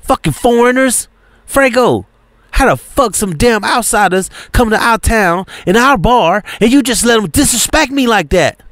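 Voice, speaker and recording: A man voicing a hot-tempered young woman with a switchblade, cursing and defiant in a raised, high voice. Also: unhurried, a little mellow, clear, resonant tone, dry recording, clean studio sound. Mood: furious.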